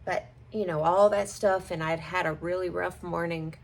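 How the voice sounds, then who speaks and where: A woman's voice: lowish voice, steady tone, normal speed, creaky. A woman teacher chatting at home while getting ready, rambling and self-deprecating with occasional laughs. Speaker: schoolteacher. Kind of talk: casual get-ready-with-me chat.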